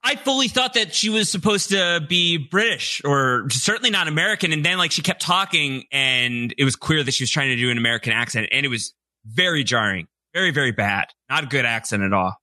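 A man chatting casually on a podcast, wry and quick with a joke. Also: fairly high pitch, expressive, pushed and bright, no room sound. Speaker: podcast co-host. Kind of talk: casual chat.

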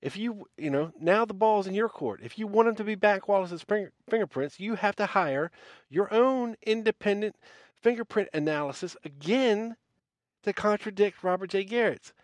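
A man's voice: high-pitched, animated, moderate pace, no room sound. A man hosting a podcast, delivering a blunt, scornful rant full of profanity. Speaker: podcast host. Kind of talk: ranting monologue.

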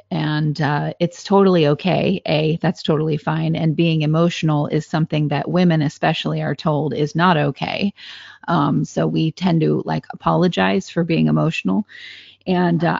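A woman co-host with a low, gravelly voice talks candidly and animatedly on a podcast. The recording is dry and a little dull. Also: no room sound. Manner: animated and candid, quick asides, laughs easily. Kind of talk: casual podcast chat.

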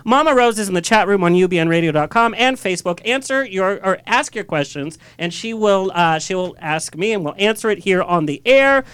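A man with a high, smooth voice hosts a radio talk show. He jokes in quick, camp banter, and the studio mic sounds close and dry. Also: lively intonation, a bit bright, no room sound. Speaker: host. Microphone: studio microphone.

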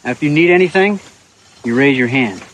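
An actor playing a bossy male guard who gives loud, curt, threatening orders to prisoners in a TV drama. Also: mid-range voice, animated, fairly quick, slight background noise, close to an everyday voice, low-quality recording. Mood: commanding. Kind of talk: TV drama acting.

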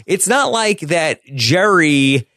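A man co-hosting a podcast, casually retelling a sitcom episode scene by scene with quick laughs. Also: a little high, sing-song, sharp tone, dry recording, studio quality. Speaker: podcast co-host.

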